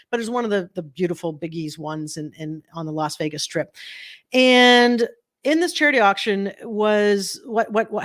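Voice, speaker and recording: A middle-aged woman coach telling a story to her online group, chatty and animated, acting out the voices in it with many fillers. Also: medium pitch. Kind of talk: live-streamed storytelling to a group.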